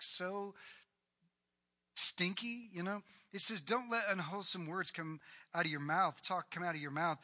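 A man preaching a sermon to his congregation, animated and conversational, rising to loud emphatic bursts. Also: high voice. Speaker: pastor.

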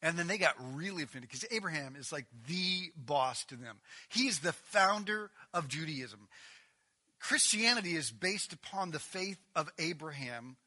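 Male preacher, high-pitched, brightly voiced, animated sermon delivery with rising emphasis. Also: a little slow. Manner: animated, reading scripture with rising emphasis and asides.

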